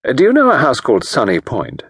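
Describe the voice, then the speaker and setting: A man's voice: medium pitch, huge pitch swings, fast, fairly bright tone, husky, dry recording, clean studio sound, pitched above the performer's own voice, exaggerated voice. A man voicing an earnest, hot-tempered doctor who speaks insistently, in an audiobook reading. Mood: heated. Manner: heated, insistent.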